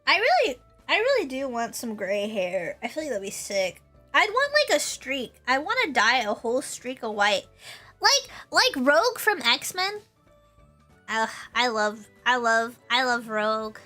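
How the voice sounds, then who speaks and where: Bubbly high-voiced young woman streamer. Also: sing-song, a little slow, bright, forceful tone, soft background music. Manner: bubbly, rambling, laughs often, repeats herself. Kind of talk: casual chat with stream chat.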